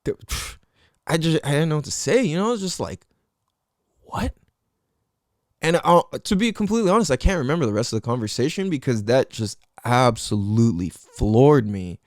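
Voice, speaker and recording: A young man at mid pitch whose voice swoops up and down as he talks, recorded close and dry with no room sound. He tells a personal story on his podcast in loose, profane slang and keeps dropping in fillers like "you know". It is a casual, candid monologue. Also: animated, a little fast, dry recording. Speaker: podcast host.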